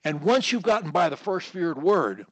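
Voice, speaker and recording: A man coaching one-on-one over a video call, explaining techniques in a deliberate, instructive way and drawing words out. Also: high-pitched, big pitch swings, a bit bright, no echo. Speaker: speech coach.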